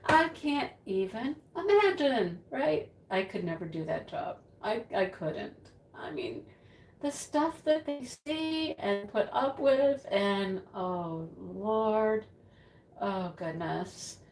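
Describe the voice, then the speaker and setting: A woman telling a story in an animated, exclaiming way. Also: medium pitch, takes it slowly. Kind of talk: storytelling chat. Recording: roomy echo.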